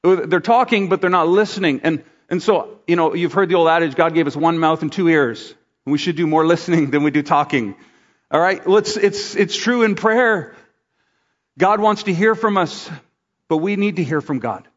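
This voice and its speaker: A man's voice: on the high side, moderate pace. Man preaching in a reverberant hall. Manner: conversational preaching with acted asides. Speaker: pastor. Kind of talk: sermon. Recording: dull sound in a large reverberant room.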